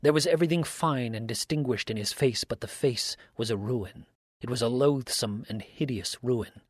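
A man giving a measured, grave dramatic reading of an old mystery story. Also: mid-range voice, no room sound, clean studio sound. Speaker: story reader.

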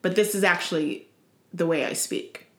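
A woman's voice: fairly low pitch, normal speed, roomy sound. A woman in casual chat, telling stories animatedly and acting out the people she quotes. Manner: animated storyteller, acts out quotes.

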